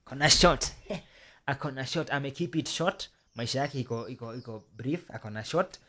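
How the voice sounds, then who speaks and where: A man with a Kenyan accent telling a story to his viewers in an animated, chatty way, speaking straight to his audience. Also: mid-range voice, normal speed, slight background noise. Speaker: storytelling channel host.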